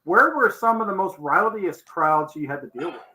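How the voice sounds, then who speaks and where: A man co-hosts a casual podcast, ribbing the guest with dry little jokes before he asks his next question. His voice sits high and has a piercing, sharp edge. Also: animated, normal speed, rough recording. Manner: teasing, drily joking. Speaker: podcast co-host. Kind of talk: casual chat.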